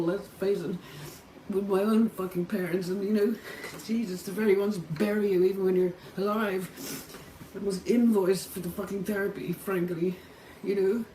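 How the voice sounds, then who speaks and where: A woman's voice: mid-range voice, warm tone, distant mic. A middle-aged Irish woman speaking in a raw, tearful monologue to camera from a motel room, swearing heavily and breaking into angry outbursts. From Ireland. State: tearful and distressed. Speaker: vlogger. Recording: roomy, off-mic with faint background hum.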